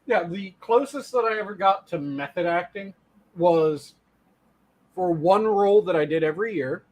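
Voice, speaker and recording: This is a man with a notably high voice, chatting casually with a co-host. He acts on stage and tells his stories with emphatic energy. Swearing comes naturally to him as he makes his points. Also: moderate pace, darkish tone, muffled recording. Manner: emphatic, profane storytelling. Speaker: podcast co-host and stage actor. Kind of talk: casual online chat.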